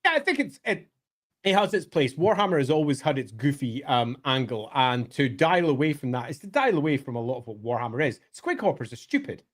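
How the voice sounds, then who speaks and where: A man talking emphatically in a casual podcast discussion, his pitch swinging up and down as he makes his points. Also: very animated, brisk. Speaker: co-host of a lore podcast.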